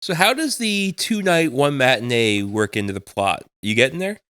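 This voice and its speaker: A man's voice: mid-range voice, big pitch swings, moderate pace, a bit bright, clean tone, dry recording. A middle-aged man co-hosting a casual podcast, laid-back, giving short reactions and dry jokes. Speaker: podcast co-host. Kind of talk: casual chat.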